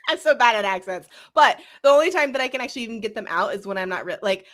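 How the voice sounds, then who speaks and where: Giggly, bright-voiced American woman. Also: a little high. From United States. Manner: giggly, animated, quick to laugh. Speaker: podcast co-host. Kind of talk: casual chat.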